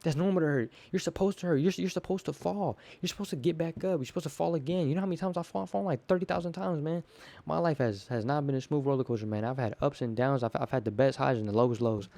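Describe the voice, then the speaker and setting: This teenage podcast host's voice is dark and mellow yet a touch high and gravelly. He rattles on quickly by himself, fumbling and repeating words while performing little exchanges, and it all comes across as improvised and loose.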